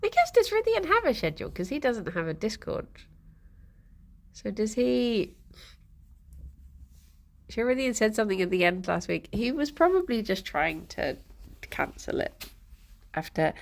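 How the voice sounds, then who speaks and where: A young woman chatting slowly and casually to her stream, giggling often. Her voice is husky and gravelly with fry after a late night out. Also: a little high, very animated. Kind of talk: casual chat with chat.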